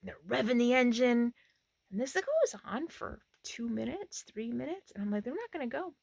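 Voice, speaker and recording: A woman's voice: a little high, sing-song, normal speed, creaky, darkish tone. A woman RV vlogger tells a story from inside her camper, her voice rising and falling animatedly. She acts out the quotes as she goes. The sound is dry and close, with no room echo. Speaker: RV travel vlogger. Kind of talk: storytelling to camera.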